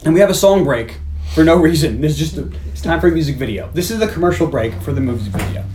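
A man hosting a podcast, casually recapping a film's plot with jokes and quick put-on quotes of the characters. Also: fairly high pitch, lively intonation, a little mellow. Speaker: podcast host. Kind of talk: casual movie recap chat.

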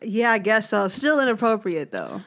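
A woman with co-hosts a casual chat. She is animated and emphatic, quick to object and push back on her friend's points. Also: mid-range voice. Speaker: podcast co-host.

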